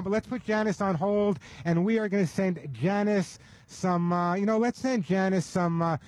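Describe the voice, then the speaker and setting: A man's voice: sits high, a little mellow, dry recording. A man hosting a radio call-in show, giving advice in a chatty, folksy way and often repeating his words.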